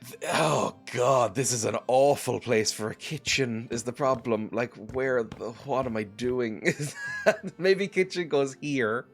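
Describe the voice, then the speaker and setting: A man's voice: mid-range voice, slow pace, vocal fry, soft background music. A sick man giving rambling, self-mocking commentary while playing a game, chuckling often. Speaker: gaming video host. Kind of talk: casual let's-play commentary.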